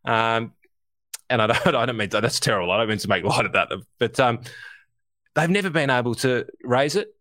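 A man co-hosting a podcast, giving animated, casual market commentary, swearing freely and speaking straight to listeners. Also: mid-range voice, brisk, no room sound, studio quality. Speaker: co-host.

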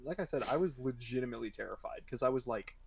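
A man's voice: medium pitch, quick pace, vocal fry, slight background noise. A young man in casual chat who rambles through fillers and nervous laughter.

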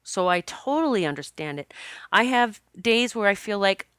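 A woman's voice: mid-range voice, animated, normal speed, a bit bright, smooth, no echo, clean studio sound. A woman talking to camera in a casual, confessional way, rambling and laughing as she goes. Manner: chatty, laughs often, rambling restarts. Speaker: spiritual vlogger.

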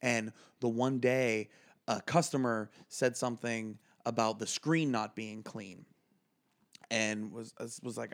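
A young man, a comedian and podcast co-host, telling stories in casual chat, animated and swearing freely with lots of filler words. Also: medium pitch, slow pace.

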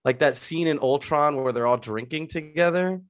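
Animated, swearing man reviewing a movie. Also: on the high side, moderate pace. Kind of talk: casual movie review chat.

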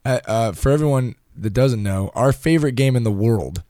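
Clean studio sound with no echo carries this young man's mid-range voice at a moderate pace. He's co-hosting a relaxed faith podcast, chatting animatedly and often starting his stories over.

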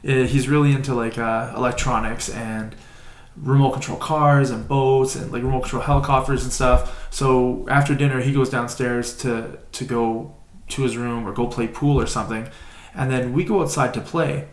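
A man's voice: mid-range voice, normal speed. Rambling man telling a story in an echoey room. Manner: animated, rambling, many "like" fillers. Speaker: podcast co-host. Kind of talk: casual storytelling. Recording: roomy echo.

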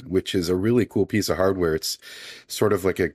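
A man talking as a podcast guest in casual conversation, his voice husky from a cold, explaining things in a relaxed way. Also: low-pitched, brisk, no room sound, studio quality. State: recovering from a cold, sultry voice.

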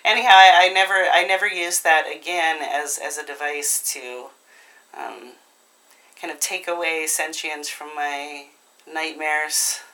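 Bright-voiced woman telling a story. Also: low voice, low-quality recording. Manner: laughing, self-deprecating, halting restarts. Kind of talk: casual storytelling.

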